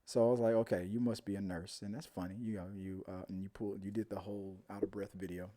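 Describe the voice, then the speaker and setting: A man's voice: lowish voice, flat delivery, quick pace, dark tone. A man hosting a live movie talk stream, chatting casually with viewers and telling a rambling story.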